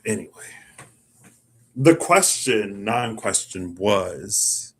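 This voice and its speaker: A man's voice: fairly low pitch, animated, extremely slow, breathy edge. A man doing a casual self tarot reading, musing and rambling with lots of "like". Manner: musing, rambling, chatty with filler "like". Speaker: tarot reader.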